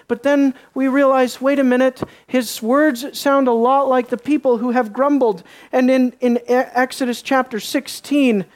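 A preacher giving a sermon, reading scripture aloud and asking the congregation questions, dropping into soft low asides and rising into sharp emphasis. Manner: reads scripture aloud and asks the listeners questions.

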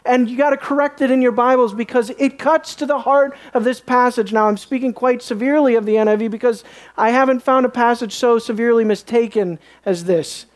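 A woman's voice: fairly high pitch, brisk. Earnest woman preaching an expository sermon. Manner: earnest, emphatic, urges listeners to check their Bibles.

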